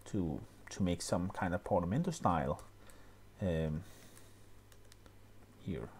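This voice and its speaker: A man explaining music software step by step, often pausing with fillers and restarting his sentences. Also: deep voice, expressive, slight background noise. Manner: hesitant, many fillers and restarts. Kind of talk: screen-recorded tutorial.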